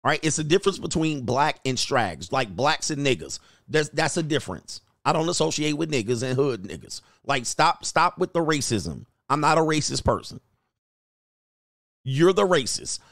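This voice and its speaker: Slangy, animated male stream host. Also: fairly high pitch, no room sound, studio quality. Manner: slangy, ranting, quick to laugh. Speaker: livestream host. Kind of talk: casual reaction commentary.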